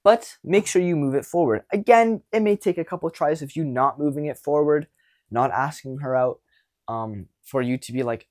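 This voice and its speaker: A young man coaching viewers on dating in a casual monologue, animated and blunt, with casual swearing. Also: on the high side, moderate pace.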